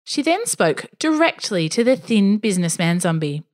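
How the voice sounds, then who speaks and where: A woman reading a first-person story aloud, wry and expressive. Her voice rises and falls widely as she tells it, landing the dry asides with a light touch. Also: mid-range voice, normal speed. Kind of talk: scripted story narration.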